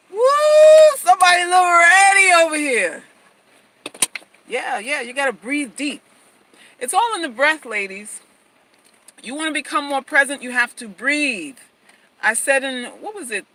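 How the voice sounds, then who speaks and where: Woman host, bright tone, emphatic casual livestream advice, repeats herself. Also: fairly high pitch, poor audio. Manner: emphatic, repeats phrases, stammers on restarts.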